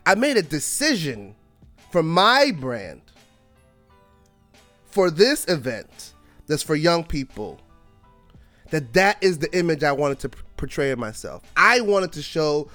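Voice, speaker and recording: A man in his forties, voice sitting a bit high for a man, tells a story on his podcast. He acts out the other people's lines with lively swings and laughs a lot along the way. Soft music plays faintly underneath. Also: a little slow, pauses often. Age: 40s. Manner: animated, acts out quoted dialogue, laughs often. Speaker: podcast host. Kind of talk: casual storytelling monologue.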